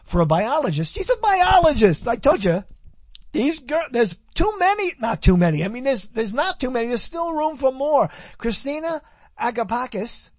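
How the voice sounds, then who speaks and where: A man's voice: extremely high pitch, big pitch swings, normal speed, no echo. A man hosting a radio talk show, chatting and reading items aloud in a rambling way, correcting himself as he goes. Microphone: handheld microphone.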